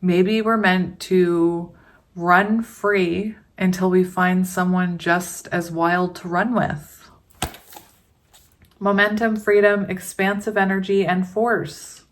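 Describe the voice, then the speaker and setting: A woman chatting casually through a tarot card reading for her viewers, slow and unhurried, with frequent giggles. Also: fairly low pitch, little pitch movement. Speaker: tarot reader.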